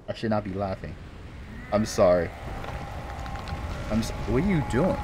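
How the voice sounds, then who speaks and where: Excitable man giving gameplay commentary. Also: fairly low pitch, normal speed, pauses often, a little hiss or hum. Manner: excitable, repeats himself, swears and laughs at the game. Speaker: gamer.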